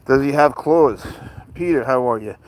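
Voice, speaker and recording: A man's voice: medium pitch, moderate pace, a little hiss or hum, poor audio. An older man hosting a casual livestream, rambling and chatty as he reads out and answers viewer comments. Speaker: livestreamer with a pet cat.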